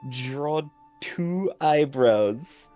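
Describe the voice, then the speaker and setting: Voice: medium pitch, animated, drawn-out words, mellow, soft background music. A player in a tabletop game narrating their character's actions with amusement.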